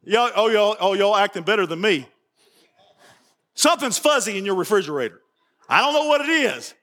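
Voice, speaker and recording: A man preaching with a very high, bright, sharp voice, animated and joking and often repeating himself. His voice rings through a church sanctuary with a long reverb. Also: brisk. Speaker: pastor. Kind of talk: sermon.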